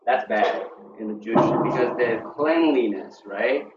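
A man teaching a Bible passage to a small church group in an unhurried way, stopping often for fillers and restarts. He sounds distant from the mic in an echoey room, and the recording is dull with faint noise behind him. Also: medium pitch, expressive. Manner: halting, many fillers and restarts, asks the group questions. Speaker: pastor.

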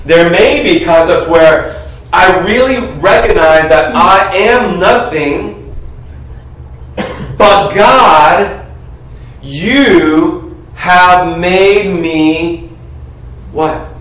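A man preaching a sermon, calling on the congregation to finish his sentences and shout out answers. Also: sits high, extremely slow, long pauses. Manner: animated, coaxes the congregation to call out answers. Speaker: pastor. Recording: echoey room, heard from a distance.

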